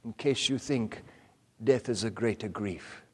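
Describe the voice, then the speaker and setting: A man preaching a sermon with passion, moving between loud cries and hushed whispers. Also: lowish voice, unhurried, slightly rough, long reverb tail.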